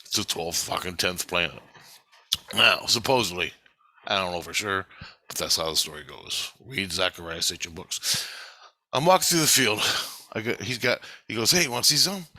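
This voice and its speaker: A man's voice: on the low side, bright, forceful tone, no room sound. A man telling a dream in a casual, rambling way, swearing often and acting out the dialogue. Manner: profane, rambling, acts out quoted dialogue. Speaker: video creator recounting a dream. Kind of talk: casual storytelling monologue.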